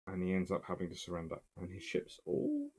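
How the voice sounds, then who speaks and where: A man's voice: low-pitched, wildly swooping pitch, a little fast, darkish tone, breathy edge. A man giving a casual, emphatic spoken history lecture in a conversational way.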